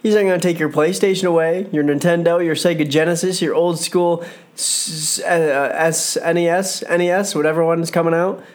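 A man's voice: fairly high pitch, fairly even intonation, a little fast, hardly any pauses. A man giving casual solo commentary on a wrestling show, rambling, joking and correcting himself as he goes. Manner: rambling, self-correcting, jokey.

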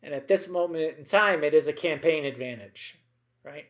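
A man's voice: fairly high pitch, moderate pace, a bit bright. A middle-aged man co-hosting a podcast, chatting casually and emphatically about politics, with many asides and tag questions.

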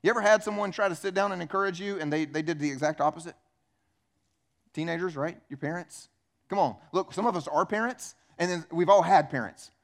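A man with a fairly high voice delivers a sermon in a church. He keeps it conversational, asks the congregation questions and breaks into little acted voices for the people he quotes. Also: fairly quick, creaky. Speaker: pastor.

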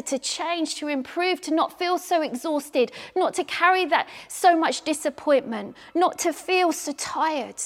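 A woman preaching a sermon in an earnest, repetitive cadence, at times sinking into hushed prayer. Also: sits high. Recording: long hall reverb.

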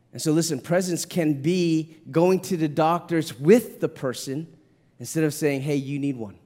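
Earnest pastor preaching a sermon. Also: male voice, darkish tone. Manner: earnest, repeats words when moved, rises to an impassioned pitch in the story.

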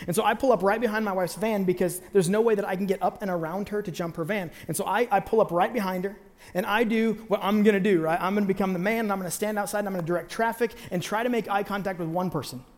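Male preacher, high voice, storytelling sermon, lively and playful with quoted voices. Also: fast, long reverb tail.

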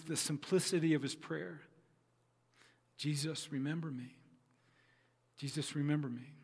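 Earnest male pastor in a reverberant hall. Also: mid-range voice. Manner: earnest storytelling with repeated phrases. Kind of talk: sermon.

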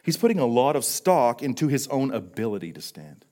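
A man of middle pitch delivers a sermon to his congregation. His voice swings widely, dropping low and quiet, then rising with emphatic force. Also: sing-song, a little fast. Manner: earnest preaching, swinging from hushed to emphatic. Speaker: pastor.

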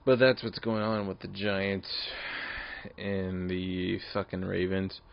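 A drunk man in his early twenties hosts a solo podcast, his voice low and gravelly. He rambles, curses freely and circles back over the same points. The recording sounds dull and lo-fi. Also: flat delivery, slow pace. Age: 20s. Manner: rambling, profane, repeats himself. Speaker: podcast host. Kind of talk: casual solo podcast rant.

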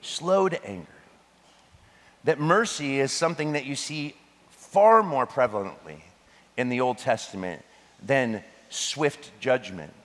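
A pastor with a mid-range voice delivers a sermon to his congregation, animated and quick to slip in joking asides and laughter. A long reverb from a large hall hangs on the sound.

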